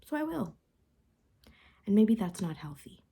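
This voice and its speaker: A woman's voice: medium pitch, very animated, a little slow, vocal fry, dark tone, husky. A young woman talking candidly and upset in a confessional vlog, rambling and repeating herself. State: upset and frustrated. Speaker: vlogger.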